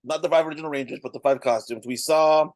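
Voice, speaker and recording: A man's voice: fairly high pitch, fairly even intonation, fast, a little mellow, dry recording. A man in his thirties co-hosting a casual review show, chatting loosely with lots of fillers and restarts. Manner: rambling, frequent fillers and restarts. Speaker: podcast co-host.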